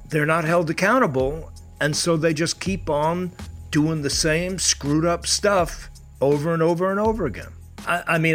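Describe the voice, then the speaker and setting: A man's voice: on the high side, a bit bright. Indignant male podcast co-host. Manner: indignant, earnest, casual. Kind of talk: conversational podcast talk.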